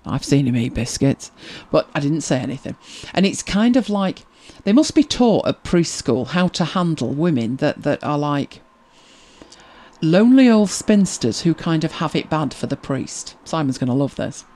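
Woman host, wry and chatty, animated pitch, relaxed storyteller. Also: normal speed. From Britain. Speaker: livestream host reading viewer comments. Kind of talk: casual chat.

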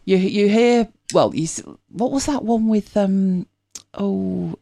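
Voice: mid-range voice, takes it slowly, vocal fry, dark tone. A host with a British accent, chatting casually and rambling with many restarts. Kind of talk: casual chat.

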